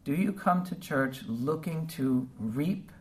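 A man preaching a heartfelt, conversational sermon to his congregation, pausing often with fillers. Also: fairly high pitch, expressive, darkish tone. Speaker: pastor. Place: church service. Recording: distant mic with faint background noise.

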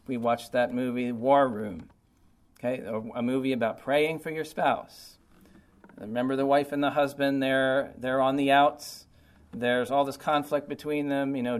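A man preaching a sermon in an informal, conversational way, often checking in with "okay" and "right". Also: medium pitch. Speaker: pastor.

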